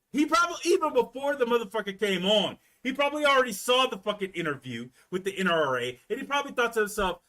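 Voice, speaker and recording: A man from Florida telling a story in a casual, animated rant, full of profanity and repeated words. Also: very high voice, quick pace, hardly any pauses. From Florida, US South. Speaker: commentator.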